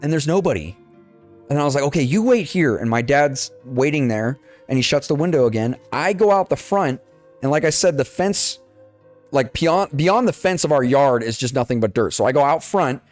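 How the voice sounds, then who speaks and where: A man's voice: medium pitch, normal speed, faint music behind. A young man casually telling a childhood story on a podcast, swearing freely and acting out the dialogue. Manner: swears freely, animated retelling with quoted dialogue. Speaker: podcast co-host.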